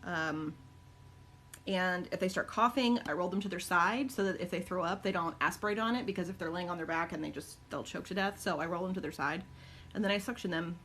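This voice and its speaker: A woman's voice: a little fast, a bit bright. Woman, middle-aged, casual phone-mic home stream, rambling chatty delivery, faint background hiss. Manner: chatty, rambling, many ums and likes; high cooing baby talk to her dogs. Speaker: live-stream host and caregiver mom. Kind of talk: casual live-stream chat answering viewer questions. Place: her home, indoors.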